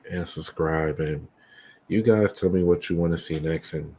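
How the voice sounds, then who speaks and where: A man hosting a reaction video, talking softly and hesitantly with many fillers. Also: low voice, moderate pace, a little hiss or hum. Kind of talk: casual reaction commentary.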